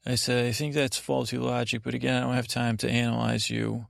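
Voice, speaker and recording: A man hosting a podcast, telling a rambling, halting bedtime story in a gravelly voice. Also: mid-range voice, no echo, clean studio sound. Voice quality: gravelly, creaky. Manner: meandering, halting, monotone delivery. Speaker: podcast host.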